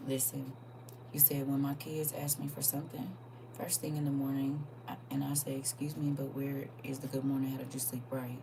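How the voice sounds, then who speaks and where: A woman hosting a casual live stream, reading viewer comments, going from soft and near-whispered to loud and animated. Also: a bass voice, normal speed, creaky, distant mic, noisy background.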